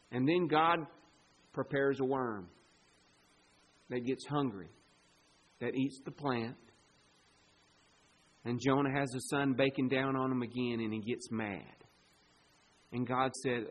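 A man preaching a sermon, rising to loud emphasis and dropping to quiet, low asides, stretching words as he reads scripture. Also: measured pace, pauses often, breathy edge, low-quality recording. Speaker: pastor.

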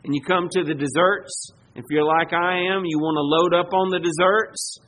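A man's voice: on the high side, steady tone, moderate pace, a bit bright. A man preaching a sermon, emphatic and rising in volume when he quotes scripture. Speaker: pastor.

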